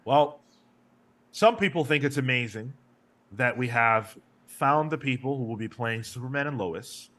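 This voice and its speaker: A man's voice: medium pitch, expressive, measured pace, a bit bright. A man hosting a casual comics podcast, joking and reading out listener comments. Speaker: podcast host. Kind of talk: casual chat.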